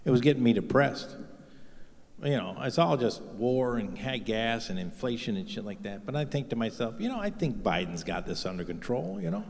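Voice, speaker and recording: A man's voice: mid-range voice, lively intonation, normal speed, vocal fry, a little mellow, slight background noise. A man doing a stand-up comedy set on stage, rambling and swearing freely in a self-deprecating way. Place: stage in a live venue. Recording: live venue with long hall reverb.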